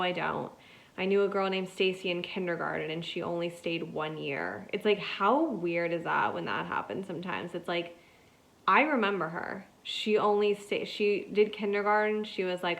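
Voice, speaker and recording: A woman's voice: lowish voice, steady tone, moderate pace, vocal fry, fairly bright tone. A woman hosting a podcast, telling a story in a loose, rambling way and saying "like" constantly. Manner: rambling, chatty, heavy use of "like". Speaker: podcast host. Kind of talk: casual solo storytelling.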